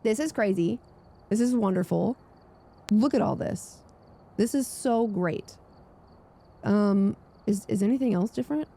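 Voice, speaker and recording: Young woman gamer gushing over a game update, breathless and squealy, mellow voice. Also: mid-range voice, unhurried, gravelly, long pauses. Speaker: gaming streamer. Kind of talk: excited gameplay commentary.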